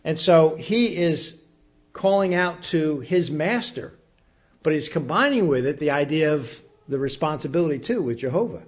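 A man preaching an expository Bible sermon, rising into emphatic bursts and then dropping to quiet asides. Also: fairly high pitch, expressive, normal speed. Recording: dull lo-fi sermon recording.

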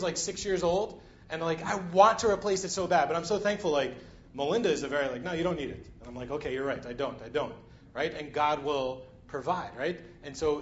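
A man with a high-pitched voice preaches a sermon conversationally, often checking in with the congregation through frequent "right?" and "you know." The audio is lo-fi.

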